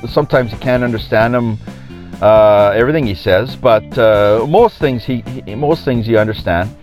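A man running his own podcast, rambling from one opinion to the next and laughing at his own jokes. His voice sits at an ordinary middle pitch for a man, and a little music plays softly behind him. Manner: rambling, joking, chuckles at his own lines. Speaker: podcast host. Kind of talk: casual opinionated monologue.

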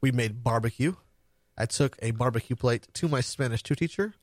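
A man co-hosting a casual podcast, quick and enthusiastic, laughing often. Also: medium pitch, no echo, clean studio sound. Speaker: podcast co-host. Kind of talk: casual chat.

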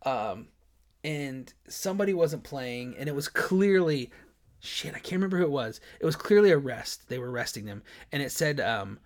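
A man's voice: medium pitch, animated, normal speed. A man co-hosting a podcast, chatting casually about sports, rambling, often laughing and restarting his sentences. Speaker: podcast co-host.

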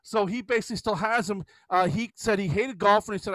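Middle-aged guy rambling about golf, high voice, dry close sound. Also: brisk, fairly bright tone, dry recording. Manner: rambling storyteller, restarts, mimics voices. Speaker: father telling a golf story. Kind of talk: casual chat.

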